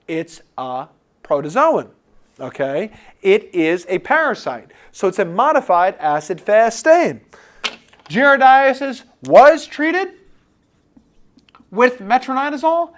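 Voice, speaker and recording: Animated man giving a medical review lecture. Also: sits high, normal speed. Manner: animated, acts out imagined student replies. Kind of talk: recorded board review lecture.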